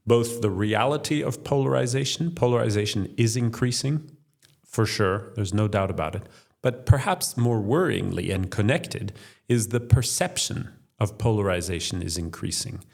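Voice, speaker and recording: A man's voice: fairly low pitch, gravelly, a little mellow. A man answering interview questions as a think tank's chief executive, laying out his points in a structured, explanatory way. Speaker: think tank chief executive, podcast guest.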